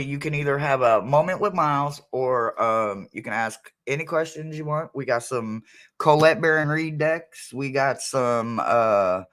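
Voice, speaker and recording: A man's voice: mid-range voice, fairly bright tone. A man hosting a casual livestream as a psychic medium, chatty and laughing often as he talks to his viewers.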